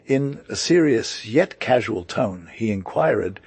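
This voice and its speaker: A man narrating an audiobook with a steady, unhurried reading. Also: lowish voice, vocal fry, slightly rough, dry recording.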